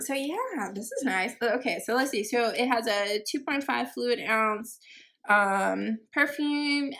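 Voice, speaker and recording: A woman's voice: fairly high pitch, creaky, bright, forceful tone. A woman chatting casually through a perfume haul, full of fillers, giggles and teasing herself about pronunciations. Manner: unsure pronunciations, self-teasing. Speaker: beauty vlogger.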